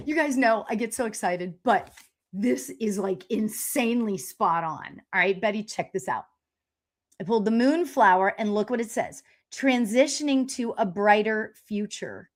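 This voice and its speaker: Woman medium hosting a live stream, mid-pitched, gushing and rambly, laughs a lot. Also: a little slow. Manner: gushing and excitable, with frequent laughs and exclamations; chatty and rambling, with fillers and restarts. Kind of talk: live-stream tarot card reading.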